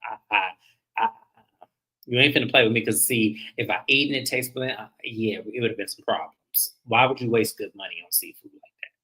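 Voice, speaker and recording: A man casually recapping a reality TV episode, animated and profane, acting out the cast's lines. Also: mid-range voice, a little fast, poor audio. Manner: animated, profane, laughs, acts out cast lines. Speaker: podcast co-host.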